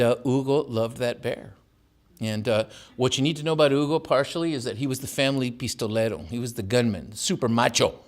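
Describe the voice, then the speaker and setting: An older man from Tijuana and San Diego giving a talk as an author, telling wry family stories and laughing at his own jokes in a campus auditorium. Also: mid-range voice. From born in Tijuana, raised in San Diego. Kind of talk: storytelling lecture.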